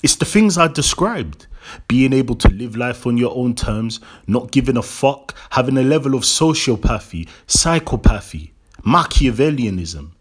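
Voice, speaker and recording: A man's voice: medium pitch, animated, slightly rough. A man lecturing the camera in a sermon-like monologue, drawing out his slogans and repeating them for weight. His voice sits in a mid register and he checks in with rhetorical tags. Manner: rhetorical, repeats lines slowly for emphasis; tags statements with "right?". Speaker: vlog host.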